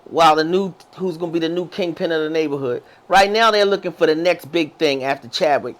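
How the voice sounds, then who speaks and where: Excited high-voiced man telling a story. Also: brisk. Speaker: podcast co-host. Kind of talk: casual chat.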